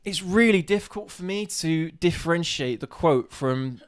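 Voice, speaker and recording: Man, West Country accent, self-mocking, laughing, fairly high voice. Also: lively intonation, moderate pace. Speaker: co-host of live show. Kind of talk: casual chat, trying movie-quote accents.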